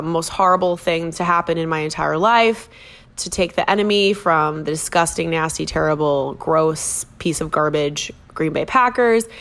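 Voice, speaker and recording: Her voice is lowish with a fairly bright tone. She's a podcast host from Minnesota who chats casually on her own show, wandering off topic and making self-deprecating remarks.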